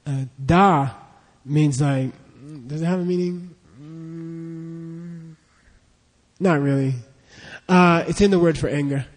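A language teacher with a fairly high, slightly slow voice leads his class through a pronunciation drill, patiently repeating syllables for students to echo. A long hall reverb surrounds the recording.

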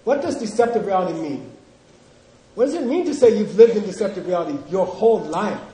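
A man teaching Buddhist philosophy to a class, drilling students in call-and-response and coaxing them with teasing, animated prompts. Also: high voice, brisk, echoey room, poor audio.

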